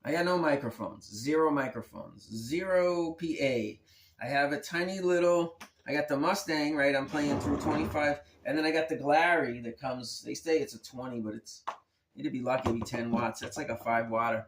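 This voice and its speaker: A man's voice: medium pitch, normal speed, background noise. Rambling laid-back man in an echoey room. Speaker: guitar channel host. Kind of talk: rambling casual vlog.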